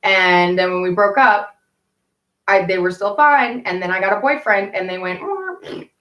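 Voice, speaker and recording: A woman talking to her live chat, rambling from one story to the next and swearing without a second thought. Her voice sits at an ordinary middle pitch. The room around her is noticeably echoey. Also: moderate pace, muffled recording. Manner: rambling, candid, swears freely. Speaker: live streamer chatting with viewers.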